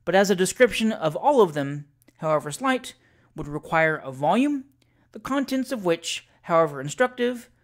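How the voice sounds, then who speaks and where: An audiobook reader giving a measured, deliberate scripted narration of classic sketches. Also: mid-range voice, sing-song.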